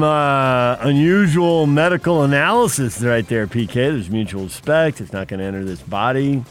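A man's voice: medium pitch, normal speed, hardly any pauses, soft background music. A man co-hosting a sports radio show, reading headlines and teasing his partner with dry humor. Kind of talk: casual sports radio banter.

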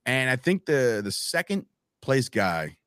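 A man telling stories as a podcast guest in a casual, animated way, acting out quoted lines and calling the listener "bro" and "man". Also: medium pitch, a little slow, clean tone, no room sound. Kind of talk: casual storytelling chat.

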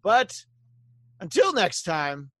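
A man's voice: sits high, wildly swooping pitch, slow pace, a bit bright, no echo. A man with a slightly raised voice hosts a podcast, rambling through the sign-off with lots of ums and uhs. The sound is dry and close, with no room around it. He keeps the talk loose and friendly with his guests. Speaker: podcast host. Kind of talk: casual chat wrapping up a show.

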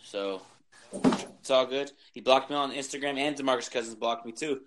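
A man's voice: mid-range voice, normal speed, fairly bright tone. A man hosting a podcast in casual sports chat, telling stories animatedly and acting out the other side of quoted exchanges. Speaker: podcast host.

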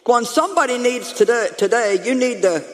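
A woman pastor preaching a lively, humorous sermon to her congregation, calling out to them as she goes. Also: a little high, brisk, in a large hall. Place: church sanctuary.

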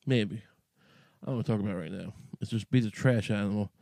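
A man's voice: fairly low pitch, fast talker, creaky, warm tone, dry recording. A man hosting a podcast, talking in a rambling, profane monologue full of restarts and asides. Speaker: podcast host.

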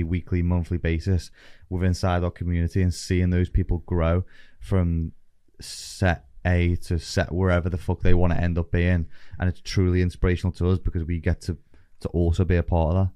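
Deep, flat-voiced man hosting. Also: smooth, no echo, clean studio sound. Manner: earnest, reflective, swears casually. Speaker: podcast host. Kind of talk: casual podcast chat.

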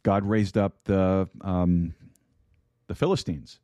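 Man preaching, low mellow voice, dry close sound, repeats words, asks listeners questions. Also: steady tone, takes it slowly, no echo. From United States. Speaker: pastor. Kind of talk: sermon. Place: online broadcast with a chat room.

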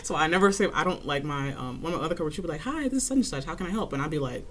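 A young woman in casual chat, telling an animated, swearing story about her library desk job and acting out callers in a high voice. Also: racing, a little hiss or hum. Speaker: library circulation desk worker.

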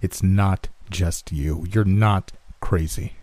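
A man reading a horror story aloud in the first person, in a hushed, anxious telling. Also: low voice, slow, dry recording. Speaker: narrator. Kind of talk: scripted horror story narration.

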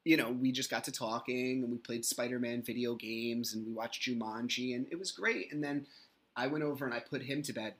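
A man's voice: mid-range voice, fairly quick, fairly bright tone. A man in his thirties, hosting his own podcast solo, telling a story about his kids in a casual, rambling way. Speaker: podcast host.

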